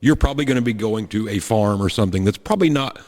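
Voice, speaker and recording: A man talks fast and bluntly in casual banter, cursing freely and wry about it. His lowish voice rings with long reverb. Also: darkish tone. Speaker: podcast co-host. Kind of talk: casual chat.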